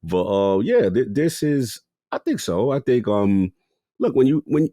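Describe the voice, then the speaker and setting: A man's voice: mid-range voice, very animated, measured pace, dark tone, no room sound, clean studio sound. A man co-hosting a gaming podcast in casual chat, laughing easily and calling his partner "bro". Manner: laughs often, says "bro" and "listen, man". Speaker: podcast co-host.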